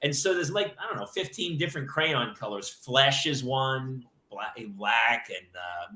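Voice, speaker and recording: Animated male podcast host. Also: mid-range voice, unhurried, hardly any pauses, echoey room, background noise. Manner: animated storyteller, does voices while retelling. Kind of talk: casual chat.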